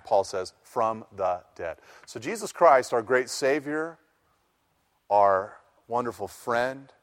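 A man preaching a sermon, swinging from loud, emphatic lines to soft, low ones. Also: in a large hall. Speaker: pastor.

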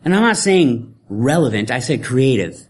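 A man's voice: medium pitch, big pitch swings, normal speed. A male preacher giving a conversational sermon with frequent informal asides.

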